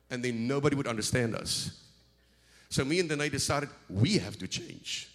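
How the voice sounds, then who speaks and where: A middle-aged man from South Africa preaching a sermon as a visiting preacher, animated, repeating words and swelling into shouts. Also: mid-range voice, fairly quick.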